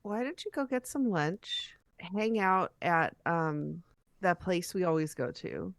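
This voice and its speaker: A woman with a fairly low voice plays her character at a tabletop game. She answers calmly and hesitates now and then. Her recording is dry, with no room sound. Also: no echo. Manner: calm, halting replies. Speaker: player. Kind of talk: in-character tabletop role-play.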